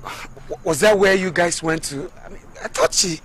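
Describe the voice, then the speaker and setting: An actor with a Nigerian accent playing a shy young student who stammers and hesitates. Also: male voice, high voice, normal speed, fairly bright tone, a little hiss or hum. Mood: hesitant. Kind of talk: film acting.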